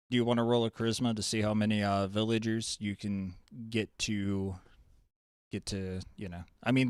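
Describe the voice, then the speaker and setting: A man's voice: fairly low pitch, clear, resonant tone, no echo. Rambling male game master, dry sound. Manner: loose, rambling narration with fillers and restarts. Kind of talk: narrating a tabletop game.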